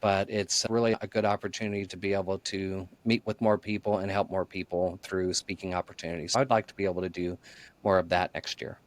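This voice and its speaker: Low-pitched and fairly quick, the man's delivery is flat as he speaks as a podcast guest. A marketing author, he explains his ideas in an earnest, thoughtful way during a conversational interview.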